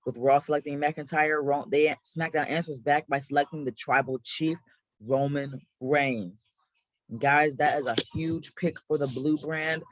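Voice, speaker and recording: A man with a slightly high voice calls a mock wrestling draft like a hyped ring announcer. He slips and corrects himself along the way. The sound is close and dry. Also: flat delivery, moderate pace, few pauses, no echo, low-quality recording. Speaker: gaming channel host.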